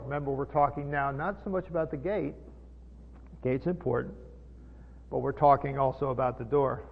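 A man's voice: medium pitch, steady tone, normal speed, vocal fry, pauses often. A man preaching a sermon, teaching from the Bible in a folksy way, explaining Greek words and putting questions to his listeners. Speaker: pastor teaching. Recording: long hall echo, tinny phone-like sound.

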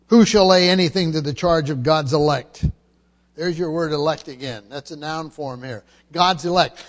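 A man with a high voice preaches through scripture, driving points home by repeating them and often restarting his sentences. His voice rings out with a long reverb, as in a large hall. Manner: emphatic, repeats key phrases, frequent restarts. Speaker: pastor. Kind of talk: expository sermon.

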